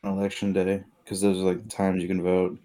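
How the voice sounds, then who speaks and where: A man's voice: sits low, monotone, brisk, warm tone. A young man in casual chat, blunt and sardonic.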